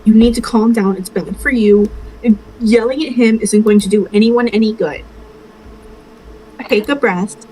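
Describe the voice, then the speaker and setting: A woman voicing a level-headed companion in a tabletop game, firm and soothing, repeating herself to calm someone. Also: medium pitch, normal speed, slight background noise, natural voice, poor audio. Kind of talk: tabletop role-play.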